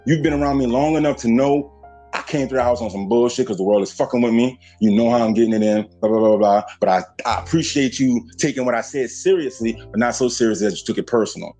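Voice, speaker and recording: A man's voice: mid-range voice, fast talker, warm tone, faint music behind. A man hosting a casual podcast, cursing freely and lecturing his listeners directly. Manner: profane, preachy, addresses listeners directly. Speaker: podcast host.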